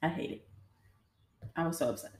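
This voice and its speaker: Speaking briskly in a darkish tone, a young adult woman vlogs about her own experiences for viewers. Her delivery is casual and meandering, packed with fillers, and the recording has an echoey room sound.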